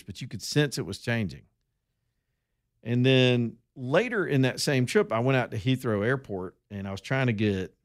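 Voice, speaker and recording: A middle-aged Southern man with a lowish voice tells a story on his radio talk show. He rambles along in a folksy way and talks to his listeners as y'all. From Alabama, US.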